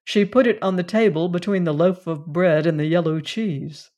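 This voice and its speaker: A reader giving a measured, scripted narration of a classic mystery story. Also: medium pitch, steady tone, darkish tone. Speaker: audiobook reader.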